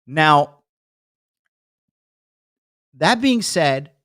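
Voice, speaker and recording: A man's voice: fairly high pitch, very animated, drawn-out words, a bit bright, no room sound, studio quality. A man hosting a podcast, telling a heated story in a casual, profane rant and acting out the people he quotes. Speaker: podcast host. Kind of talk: casual ranting monologue.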